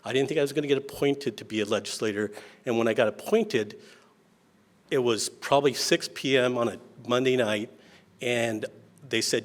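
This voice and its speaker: A middle-aged man from Washington State speaks off the cuff at an event in a mid-pitched voice. He tells homespun, self-deprecating stories and keeps restarting his sentences. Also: normal speed. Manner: folksy, self-deprecating storytelling with many restarts. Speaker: state legislator giving remarks. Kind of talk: informal speech at an event.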